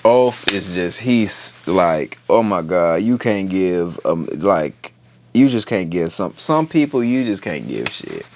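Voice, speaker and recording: A man's voice: low voice, slow pace, slight background noise. A man giving a casual, joking show recap, full of slang and cursing. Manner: profane, slangy, joking, animated. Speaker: TV recap host.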